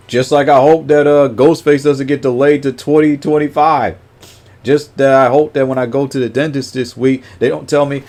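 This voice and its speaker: A man's voice: medium pitch, moderate pace, a little mellow. A man chatting casually on a livestream, greeting viewers by name and rambling with lots of fillers.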